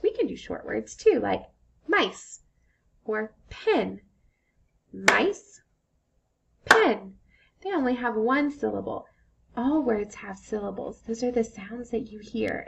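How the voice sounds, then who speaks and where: A young woman teacher giving a phonics lesson to small children, slow and encouraging, with sing-song bursts of excitement. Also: on the high side, creaky, highs cut off.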